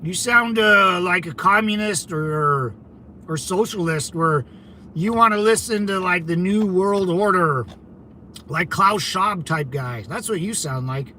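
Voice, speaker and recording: Brash high-voiced man ranting on a stream. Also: unhurried, pushed and bright, a little hiss or hum, poor audio. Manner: brash, combative, mocking. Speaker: channel host reading live chat. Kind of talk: casual livestream chat.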